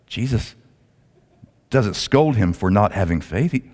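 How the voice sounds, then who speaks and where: A male pastor preaching a sermon as a dramatic storyteller who swings between loud, rising lines and hushed, low ones. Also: expressive, unhurried, long pauses. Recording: long hall reverb.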